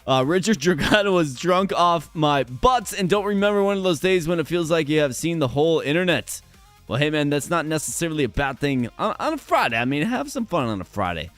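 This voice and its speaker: A man with a hoarse voice, chatting energetically with viewers during a live stream. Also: fairly high pitch, big pitch swings, fairly quick, fairly bright tone, soft background music.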